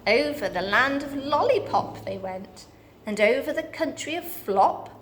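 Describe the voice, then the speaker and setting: Woman reading a kids book out loud, slow and steady. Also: high-pitched, slight background noise. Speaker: storybook reader. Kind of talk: reading a children's book aloud.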